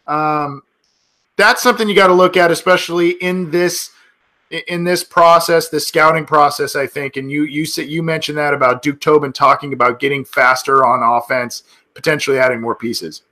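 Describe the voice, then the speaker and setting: A man's voice: fairly high pitch, steady tone, normal speed, sharp tone. A man hosting a sports podcast, talking casually with many fillers and restarts. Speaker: podcast host.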